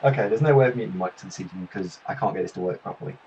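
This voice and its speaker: A man's voice: sits low, rapid-fire, darkish tone, husky, muffled recording. A man hosting a live game stream over a headset, chatting casually and swearing in exasperation while sorting out his settings. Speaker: stream host.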